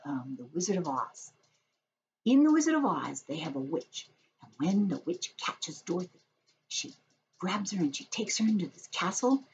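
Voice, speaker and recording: Brief: preschool teacher, woman, expressive storybook reading, low-ish voice, bouncing pitch. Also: lo-fi sound, a little hiss or hum. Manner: gentle, expressive storytelling to small kids. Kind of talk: reading a picture book and chatting to young children.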